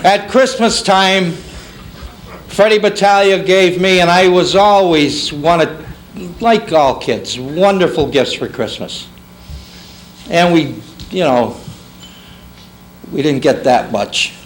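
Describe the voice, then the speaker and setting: A man's voice: sits high, slow, long pauses, poor audio. A man, emceeing a banquet and telling comic stories, slipping into other people's voices as he goes. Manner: animated, puts on a child's voice and his mother's. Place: banquet hall. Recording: faint room noise, 1991 banquet tape.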